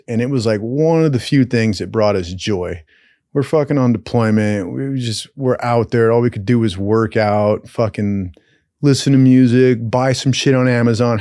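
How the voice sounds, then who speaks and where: A young man telling profane stories in a casual, animated way, acting out the people in them. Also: medium pitch, no room sound, clean studio sound. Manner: profane, animated, acts out voices in his stories. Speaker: podcast host telling stories. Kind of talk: casual storytelling.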